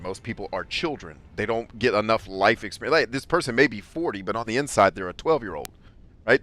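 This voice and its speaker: Middle-aged male host, lowish voice, blunt and emphatic, swears freely, casual chat over faint music. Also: fairly bright tone. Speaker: podcast host.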